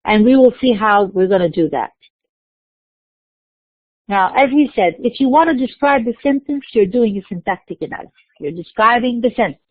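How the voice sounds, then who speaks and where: A woman giving a recorded university lecture, explaining slowly and mixing in terms. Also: on the high side, no room sound. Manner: explains slowly, spelling out letters, slipping into Arabic terms. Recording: dry tinny phone-like recording.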